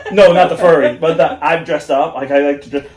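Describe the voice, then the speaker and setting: A man's voice: fairly high pitch, fast, a little mellow. A man co-hosting a casual podcast, telling rambling stories full of fillers and frequent laughter. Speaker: podcast co-host. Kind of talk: casual chat. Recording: echoey room.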